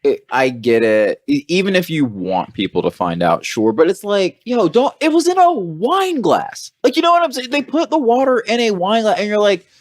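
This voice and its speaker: A man's voice: high-pitched, moderate pace, hardly any pauses, no room sound, studio quality. A man, a comedian guest, chatting casually and jokily on a podcast, dropping into mock voices. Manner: animated, jokey, slips into mock voices.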